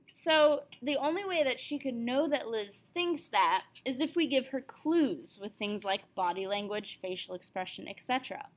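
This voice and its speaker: A woman with a fairly high voice gives a writing lesson. She explains things patiently, step by step, with the odd "uh", and now and then reads a short example passage aloud. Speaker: writing teacher.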